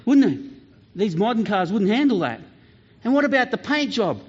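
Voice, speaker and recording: A man's voice: high voice, big pitch swings, breathy edge. Playful man talking to kids. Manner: playful, joking, quick questions to the kids. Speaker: children's pastor. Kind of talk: lively children's talk in church. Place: church hall. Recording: dull lo-fi church sound.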